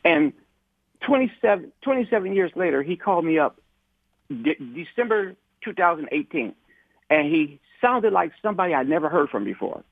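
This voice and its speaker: A husky, somewhat high-pitched man talking over a tinny, phone-like line with no room echo. He tells his story in a conversational way, stumbling over repeated words and voicing other people's lines as he retells them. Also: sing-song, normal speed. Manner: repeats words and restarts often, acts out quoted dialogue. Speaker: civil rights activist guest.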